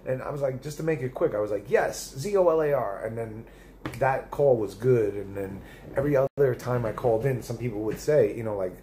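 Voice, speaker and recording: A man's voice: medium pitch, a little fast, dark tone, a little hiss or hum. A middle-aged man live streaming, rambling and swearing in casual chat as he reads viewer comments aloud. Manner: rambling and profane, with many restarts.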